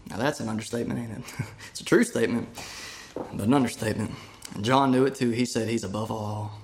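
A middle-aged man preaching a sermon, earnest and emphatic, rising to loud declarations and dropping to hushed asides. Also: mid-range voice, fairly even intonation, fairly quick, a little hiss or hum.

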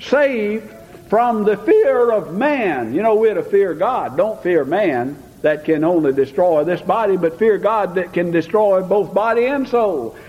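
A man's voice: high-pitched, lively intonation, a little slow. An older man preaching a folksy sermon, mixing homespun stories with fervent calls to the Lord. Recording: dull lo-fi sound with long hall reverb.

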